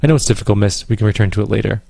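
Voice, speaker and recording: A man voicing a quiet, measured and courteous male police lieutenant in a detective game. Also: lowish voice, gravelly, no room sound. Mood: calm.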